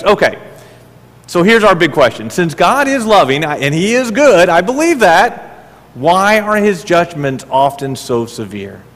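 A middle-aged man preaching a sermon as pastor, animated and full of rhetorical questions, often repeating his words. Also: high voice. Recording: reverberant hall.

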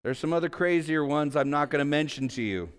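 A man, a pastor, preaching a sermon with animated swings in pitch and volume, telling stories along the way. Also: fairly quick, smooth.

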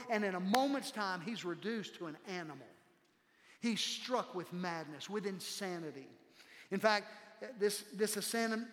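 Pastor guy preaching, pretty high voice, slows way down for the big points, long echo off the church walls. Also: a bit bright. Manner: dramatic preaching, slows for emphasis. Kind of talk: sermon.

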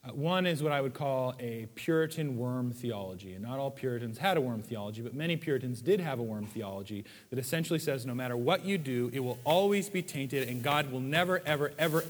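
Man preaching in a reverberant hall. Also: medium pitch. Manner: conversational preaching with playful acted asides. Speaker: pastor. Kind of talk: sermon.

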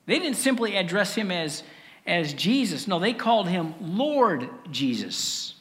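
A man preaching a sermon with earnest rhetorical questions and dramatic pauses. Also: sits high, very animated, fairly bright tone, in a large hall. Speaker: pastor.

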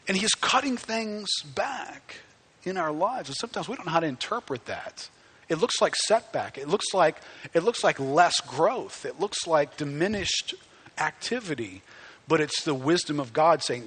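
A middle-aged man preaching a sermon as pastor, swinging from hushed, slow passages to loud, excited ones. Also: on the high side, breathy edge. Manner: animated preaching, swinging from hushed to near-shouting.

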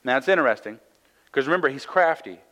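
A fast-talking pastor with a sharp, expressive mid-range voice comes through on a low-quality recording. His sermon is conversational: he reads a Bible passage aloud, explains the verses, and repeatedly checks in with "right?"

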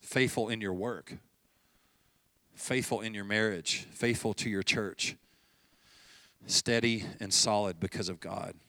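Bright-voiced pastor preaching conversationally. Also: male voice, on the low side, steady tone, unhurried, long pauses, no echo. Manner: conversational storytelling, acting out dialogue with light laughs. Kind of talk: sermon.

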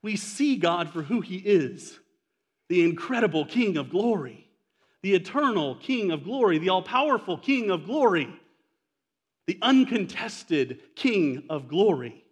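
A man's voice: sits high, big pitch swings, measured pace, breathy edge. A man in his forties preaching a sermon as a pastor, talking to the congregation with rhetorical questions and casual asides. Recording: hall reverb.

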